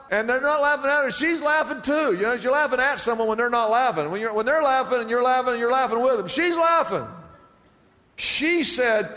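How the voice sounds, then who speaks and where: A man's voice: extremely high pitch, expressive, fairly quick, pushed and bright, in a large hall. A male pastor preaching a sermon, acting out Bible scenes and reading scripture aloud.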